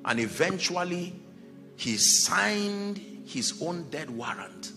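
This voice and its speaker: A man preaching a sermon as pastor, dramatic, dropping to a hush and rising to shouts, acting out the people in his stories. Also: fairly high pitch, lively intonation, slow, soft background music. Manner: acts out Bible characters in quoted dialogue.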